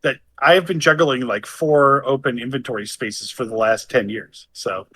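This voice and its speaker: A man with a bright, sharp voice chatting wryly on a gaming podcast. He jokes and teases as he talks. The recording is dry and close. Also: mid-range voice, fairly even intonation, moderate pace, breathy edge, no room sound. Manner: wry, teasing. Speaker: podcast co-host. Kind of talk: casual chat.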